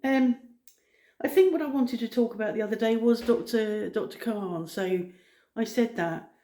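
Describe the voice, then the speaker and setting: A middle-aged woman chatting casually to her viewers, rambling with many pauses and ums. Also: fairly high pitch, echoey room. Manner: rambling, frequent ums, soft-spoken. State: out of breath. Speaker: vlogger. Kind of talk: casual chat.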